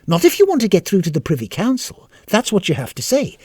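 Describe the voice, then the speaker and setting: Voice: medium pitch, wildly swooping pitch, fast talker, a little mellow, breathy edge, dry recording, studio quality, pitched above the performer's own voice. A storyteller voicing a prim, earnest female turtle princess who coaxes and scolds. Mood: coaxing. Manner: coaxing, scolding, sarcastic.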